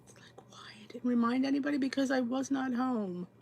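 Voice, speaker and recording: Chatty woman hosting a livestream, higher voice, rambling and scattered. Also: steady tone, fairly quick, vocal fry, warm tone. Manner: chatty, scattered, talks to herself while setting up. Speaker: podcast host. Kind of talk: casual livestream chat.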